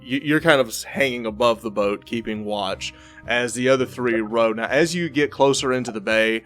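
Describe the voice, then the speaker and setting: A man's voice: medium pitch, normal speed, fairly bright tone, soft background music. Stammering game master, man. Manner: casual, repeats words and restarts. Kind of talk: narrating a tabletop game.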